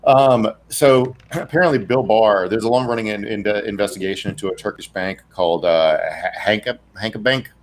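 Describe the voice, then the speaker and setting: A man's voice: fairly low pitch, normal speed, few pauses, a little hiss or hum. A man co-hosting a casual political comedy chat, rambling with laughs and profane asides. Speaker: co-host.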